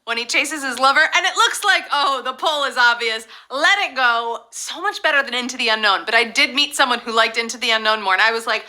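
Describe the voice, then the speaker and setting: A woman hosting a live trivia game show, chatting casually in a bubbly, playful way with quick asides. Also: on the high side, bright, forceful tone. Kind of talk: casual chat.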